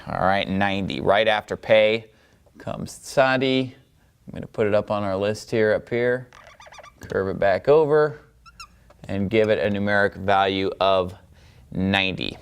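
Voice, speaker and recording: A man's voice: on the low side, unhurried, smooth. A man teaching a Biblical Hebrew lesson step by step at a board, patiently checking in with his students. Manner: patient, checks in with "okay?" and "all right?".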